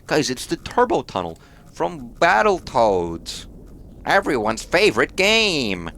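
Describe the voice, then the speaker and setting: Brief: a guy doing a scrawny smug nerd, nasal and slightly raised, slow know-it-all drawl, mid-stream gag voice. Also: fairly high pitch, wildly swooping pitch, vocal fry, a bit bright, slight background noise, voice pushed up, exaggerated voice. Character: scrawny smug nerdy young man gamer.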